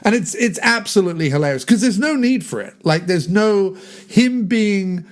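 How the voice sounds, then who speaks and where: Man, higher than average voice, rambling podcast guest, amused. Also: lively intonation, moderate pace. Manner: chatty, digressive, laughs at his own jokes. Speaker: podcast film discussion guest. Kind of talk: casual film chat.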